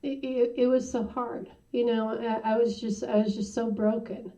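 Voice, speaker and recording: A woman giving a personal testimony in an interview, halting and full of "you know" fillers. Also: fairly high pitch, steady tone, warm tone. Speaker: interview guest. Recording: muffled sound from a distant mic.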